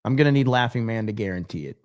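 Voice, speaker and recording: A man's voice: on the low side, expressive, fast talker, darkish tone. A man hosting a livestream, chatting casually and reading out viewer comments in a loose, profane, rambling way. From United States. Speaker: livestream host.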